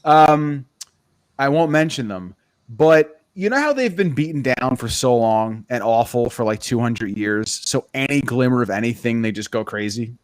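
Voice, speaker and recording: A man hosting a sports podcast in a casual, animated, opinionated way. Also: mid-range voice, normal speed, dry recording. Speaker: podcast host.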